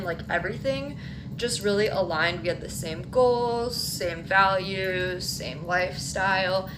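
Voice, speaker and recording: Woman telling a story over background noise. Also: medium pitch. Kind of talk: casual storytime.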